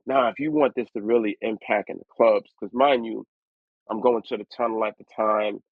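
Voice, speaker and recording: A lower-pitched man tells stories as a guest rapper in an interview, lively and fond of doing other people's voices. The sound is dry and close, squeezed thin like a phone line. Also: normal speed, no room sound. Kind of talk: storytelling interview.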